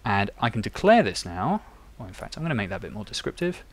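Talking fast and very animatedly in a lowish voice, a young developer live-codes on stream, chatting and thinking aloud through his tutorial.

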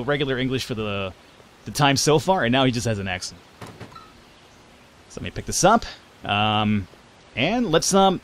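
A man's voice: mid-range voice, fairly bright tone. Sarcastic male let's play gamer. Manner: sarcastic, jokey, swears casually. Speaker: gaming channel host.

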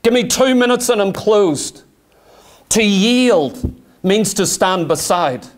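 High-voiced fervent male preacher. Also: lively intonation, slow. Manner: fervent, rhetorical questions and self-dialogue. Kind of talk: sermon.

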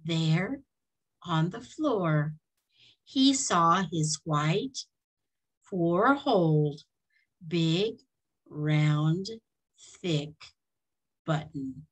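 A woman storyteller reading a children's book aloud in a slow, expressive way. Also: lowish voice, breathy edge, low-quality recording.

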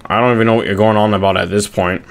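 A man streaming an online shooter, trolling players in voice chat with mock-prim, deadpan scolding and bursts of loud mockery. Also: fairly low pitch, racing, gravelly, slight background noise.

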